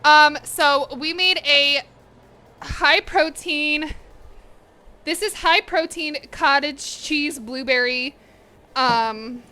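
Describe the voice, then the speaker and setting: With a high-pitched, pushed and bright voice that draws out her words, a woman runs a cooking live stream in her home kitchen. She eats while chatting casually and bluntly with viewers, swears freely, and sometimes talks with her mouth full.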